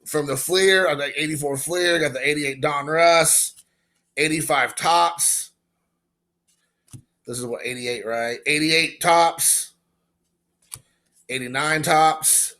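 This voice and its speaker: A man in his forties from Indiana, excitedly opening and showing baseball cards in a casual, rambling vlog. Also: a little high, takes it slowly, long pauses. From Indiana, USA. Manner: excited, emotional, rambling with fillers. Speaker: baseball card collector vlogger.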